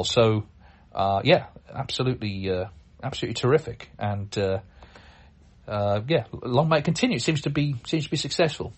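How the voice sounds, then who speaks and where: A man's voice: medium pitch, breathy edge. A man hosting a podcast, talking in a chatty, rambling way with frequent restarts and a dry sense of humour. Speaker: podcast host. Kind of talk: casual podcast commentary.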